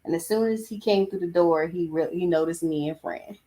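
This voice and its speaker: A woman's voice: on the low side, brisk, mellow. A young woman talks straight to the audience in a loose, chatty way. She tells a personal story full of slang, asides and digressions. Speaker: host. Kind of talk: casual chat.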